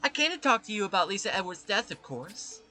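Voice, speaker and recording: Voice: mid-range voice, big pitch swings, fairly quick, pushed and bright, soft background music. A gamer reading game dialogue aloud, voicing a blunt, morbid young female psychology student in a cool, matter-of-fact way.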